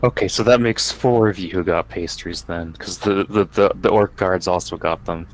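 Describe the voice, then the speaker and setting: A man's voice: deep voice, steady tone, moderate pace. A man playing a tabletop game, talking in character in a playful, laughing way with stammering restarts. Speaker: player. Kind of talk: casual in-character tabletop play.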